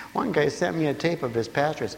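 A man preaching a sermon, swinging from hushed murmurs to loud exclaiming and chuckling between points. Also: a little high, animated, moderate pace, vocal fry. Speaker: pastor. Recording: hall reverb with faint hiss.

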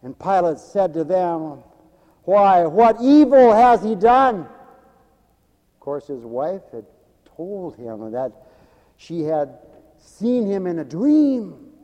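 A man preaching a sermon with dramatic swings from loud exclamations to hushed asides. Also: high voice, very animated, slow, pauses often. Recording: long echoing reverb of a large hall.

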